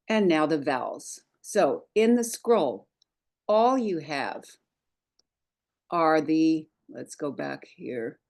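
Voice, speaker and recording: A woman's voice: deep voice, expressive, takes it slowly, a little mellow. A woman teaching a Hebrew lesson over a screen share, patiently reciting letters one by one for learners to repeat.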